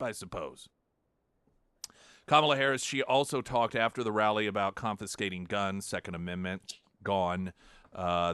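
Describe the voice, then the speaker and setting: In a low, bright and forceful voice with no room sound, a male radio host mocks political figures sarcastically from the studio microphone. He restarts his sentences often.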